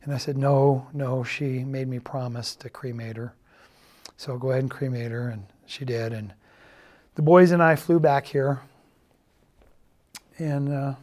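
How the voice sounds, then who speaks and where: A middle-aged man tells a personal story of loss at a church gathering. He speaks quietly and haltingly, stops often, and quotes what others said. His voice is heavy with emotion and breaks at times. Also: mid-range voice. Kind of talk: personal testimony.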